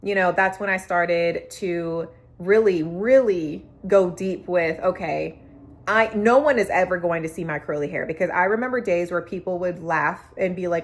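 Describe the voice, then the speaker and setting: A woman's voice: mid-range voice, normal speed. Emotional young woman telling her story. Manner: emotional, candid, many "like" fillers. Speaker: vlogger. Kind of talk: personal storytelling vlog.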